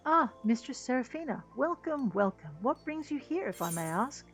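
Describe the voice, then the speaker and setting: A woman's voice: high voice, very animated, moderate pace, fairly bright tone, faint music behind, voice pushed up, low-quality recording. A woman voicing a polite, formal male shopkeeper in a game, speaking with courteous formality.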